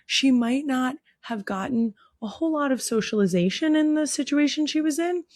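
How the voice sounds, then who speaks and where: A woman's voice: fairly high pitch, normal speed, hardly any pauses, no room sound, clean studio sound. Young woman gushing over shelter animals. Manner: gushing, coos at animals in soft whispers. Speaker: podcast host. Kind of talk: casual chat. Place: indoor studio.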